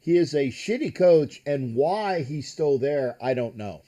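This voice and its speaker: A man's voice: fairly high pitch, animated, unhurried, dark tone. An older man hosting a casual live-streamed sports talk show, rambling and profane, with a lot of false starts. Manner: rambling, profane, many restarts.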